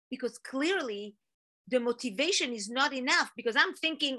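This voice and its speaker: A woman giving an energetic, animated motivational talk to an online audience, telling a story with rising emphasis. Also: high-pitched, moderate pace. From Israel. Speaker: motivational speaker.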